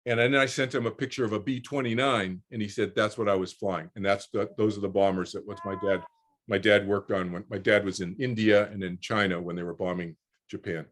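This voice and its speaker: A man's voice: fairly low pitch, a little fast. Older guy on a video call, rambling story, keeps repeating himself and starting over. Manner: rambling, repeats words and restarts, animated quoting. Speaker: guest speaker.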